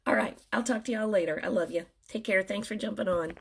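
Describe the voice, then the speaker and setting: A woman's voice: mid-range voice, fast talker, vocal fry, husky. A woman giving an earnest, teary pep talk to her followers in a casual live video chat. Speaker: vlogger.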